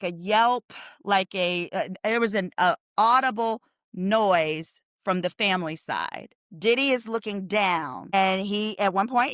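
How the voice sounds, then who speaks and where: A woman's voice: mid-range voice, no room sound. A woman speaking as a guest on a podcast, an attorney who tells stories with a lot of energy and acts out the quotes. Her voice sits in a middle range, and the sound is dry and close, with no room in it. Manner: animated storyteller, acts out quotes. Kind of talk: casual podcast interview.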